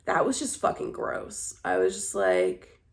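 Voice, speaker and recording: A woman's voice: a bass voice, huge pitch swings, unhurried, gravelly. A young adult woman chatting casually on her vlog, telling dating stories in a candid, blunt way and swearing freely. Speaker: vlogger. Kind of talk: casual chat.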